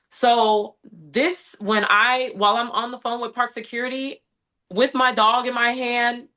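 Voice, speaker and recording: In a conversational interview, a young adult American woman recounts an incident with animated storytelling. Her voice is mid-range, and she says "like" often while quoting her own inner thoughts.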